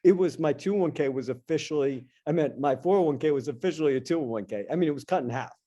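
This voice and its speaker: A middle-aged man, a guest in an interview, telling a personal story in an animated, casual way and acting out his own past lines. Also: medium pitch, fast, muffled recording. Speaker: interview guest, dentist and investor.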